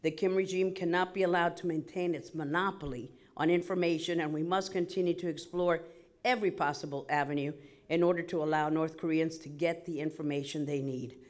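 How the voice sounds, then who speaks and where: A woman in Congress giving a formal, prepared statement at a committee hearing, slightly out of breath, listing points in a measured, emphatic way. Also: deep voice, steady tone. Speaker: member of Congress.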